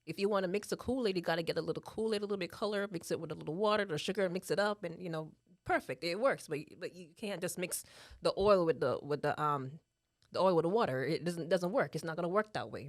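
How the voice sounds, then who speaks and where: A woman's voice: fairly low pitch, fast, dry recording, clean studio sound. A woman in her thirties from Jamaica with a Jamaican accent, talking earnestly in a casual chat and often asking "right?". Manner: earnest, repeats herself, laughs often, tags "right?". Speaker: guest speaker. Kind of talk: casual talk.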